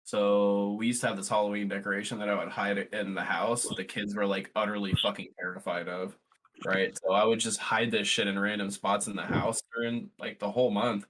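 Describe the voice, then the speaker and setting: A man's voice: fairly low pitch, level tone, brisk, a bit bright. A man who is a father, chatting laid-back on a podcast and swearing freely. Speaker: parent. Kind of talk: casual chat.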